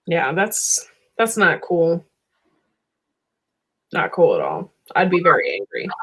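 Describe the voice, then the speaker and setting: A woman's voice: lowish voice, wildly swooping pitch, slow, a bit bright, breathy edge. Woman co-host chiming in casually. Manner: chimes in with short reactions. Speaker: livestream co-host. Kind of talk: casual chat.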